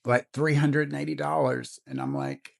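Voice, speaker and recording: Gravelly guy venting to his phone, pissed off and tired, cussing a lot. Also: mid-range voice, very animated, moderate pace. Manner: angry, swearing, worn out. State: frustrated. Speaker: vlogger. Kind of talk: venting to camera.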